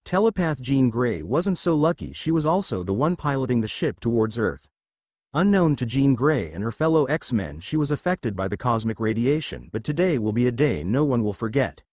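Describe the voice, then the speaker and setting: A man narrates a scripted fan story in a steady read-aloud way. His pitch moves around a lot, and the recording is dry and close. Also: moderate pace, no room sound.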